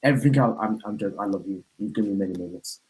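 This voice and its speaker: A young man from the West Midlands of England, talking as a podcast guest in animated, slang-heavy casual banter about football. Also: lowish voice, rapid-fire, low-quality recording.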